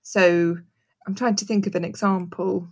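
A woman in her forties hosting an interview, talking in a slow, thoughtful, musing way. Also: mid-range voice, steady tone. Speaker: host. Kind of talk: conversational interview.

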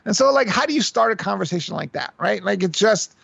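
A man in his fifties from New York City, telling stories as a guest in a casual interview, animated and restarting his sentences with repeated words. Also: sits high, fast talker, vocal fry, husky, dry recording. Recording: dull lo-fi recording.

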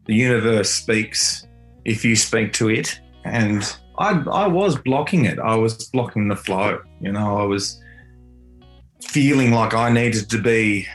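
A middle-aged man with an Australian accent tells a personal story in a heartfelt, reflective way. His voice sits at an ordinary middle pitch. Quiet guitar music plays underneath him. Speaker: father and guitar teacher.

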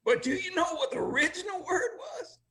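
A man's voice: very high-pitched, big pitch swings, a little fast, fairly bright tone. An older man telling oral history as an interview guest, emotional and often laughing as he speaks.

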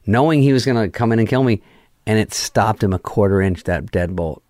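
A man's voice: fairly low pitch, fairly quick, no echo, studio quality. A man, a film director on as a guest, telling a long story in a casual interview, swearing a lot and acting out the lines of the people in it. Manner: animated, profane, acts out quoted dialogue.

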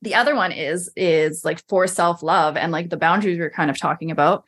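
A woman's voice: lowish voice, brisk, fairly bright tone, slightly rough. A woman in a casual podcast chat, talking as a coach, chatty and full of "like", acting out her own inner voice.

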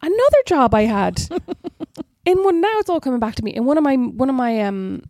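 A woman's voice: sits high, very animated, fairly quick, mellow, dry recording, studio quality. A woman in her thirties co-hosting a podcast, chatting candidly and mocking herself, swearing freely. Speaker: podcast co-host. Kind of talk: casual sisters' chat.

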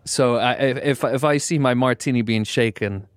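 A man's voice: medium pitch, moderate pace, smooth, no echo. A man chatting casually on a podcast, telling wry stories in a dry, mock-polite way. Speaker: podcast co-host, martini drinker. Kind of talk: casual chat.

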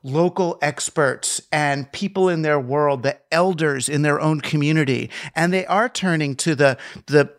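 Animated man hosting a podcast conversation. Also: on the high side, a little slow, few pauses. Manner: animated, thinks aloud with repeated restarts. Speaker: podcast host. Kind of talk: casual conversation.

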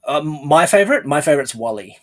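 A man's voice: on the high side, animated, a little fast, a little hiss or hum. A man hosting an interview podcast, chatting casually and rambling with restarts and laughs. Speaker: podcast host.

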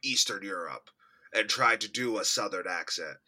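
A man's voice: lowish voice, normal speed, bright, forceful tone. A man co-hosting a podcast, chatting casually about movies with wry, jokey asides. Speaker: podcast co-host.

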